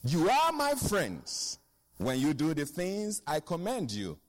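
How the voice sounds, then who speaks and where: A man's voice: on the high side, wildly swooping pitch, slow, big-room sound. A man preaching a sermon as pastor, emphatic, repeating key phrases and asking the congregation for an amen.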